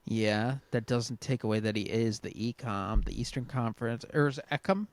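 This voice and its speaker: A man's voice: medium pitch, fairly even intonation, a little fast, no echo. A man co-hosting a casual sports podcast, joking around and reading listener questions aloud. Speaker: podcast co-host.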